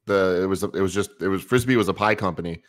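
Low-voiced man sharing trivia. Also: fast talker. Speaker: podcast co-host. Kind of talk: casual chat.

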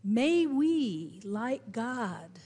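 Slow-speaking woman pastor in a reverberant sanctuary. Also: a little high, sing-song, breathy edge. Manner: slow, gentle storytelling with emphatic rises. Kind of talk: sermon. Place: church sanctuary.

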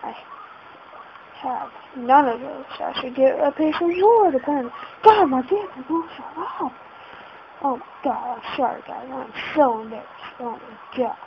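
A woman's voice: high-pitched, lively intonation, moderate pace, vocal fry, noisy background. Flustered woman gamer, dull lo-fi audio. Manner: flustered, keeps exclaiming in panic. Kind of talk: casual let's-play commentary. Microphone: laptop setup. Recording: dull lo-fi home recording.

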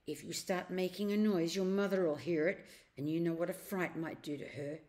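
A woman reading a storybook aloud and voicing a scheming elderly uncle who speaks in a slow, coaxing, secretive way. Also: on the low side, steady tone, darkish tone, close to an everyday voice. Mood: sly.

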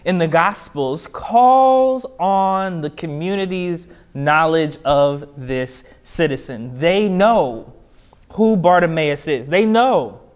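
A man preaching a sermon as pastor, with a measured, repetitive cadence that builds to emphatic rises. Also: fairly high pitch, animated, smooth. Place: church.

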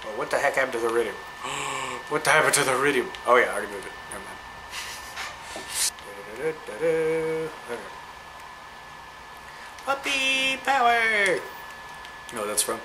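A man giving chatty, excitable let's-play commentary, cooing at the creatures he meets. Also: medium pitch, fast, background noise. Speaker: gamer.

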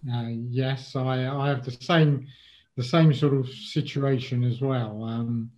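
A man's voice: medium pitch, fairly even intonation, slow pace, darkish tone, highs cut off. A middle-aged man from England, a guest in an interview, speaking casually and hesitantly, with many ums and restarts.

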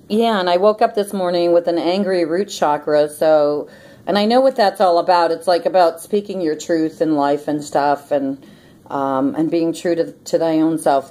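A woman with a low, warm voice hosts a casual prayer and meditation vlog, chatting and rambling with many ums. She often breaks into laughter, and the recording quality is low.

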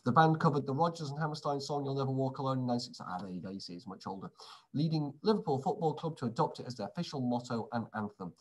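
A man reading through quiz answers in a casual way, adding wry, sarcastic asides between questions. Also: medium pitch. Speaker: quiz presenter.

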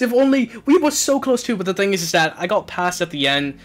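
Excitable high-voiced gaming man. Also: brisk. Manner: excitable, shouting and laughing at the game. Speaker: gaming channel host. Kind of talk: let's play commentary.

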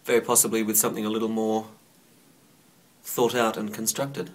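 A young man talks straight to the camera in a loose, rambling vlog. His voice sits a little low, and he is chatty, playful and quick to poke fun at himself. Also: little pitch movement. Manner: chatty, playful, self-mocking. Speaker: vlogger. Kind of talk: casual rambling monologue to camera.

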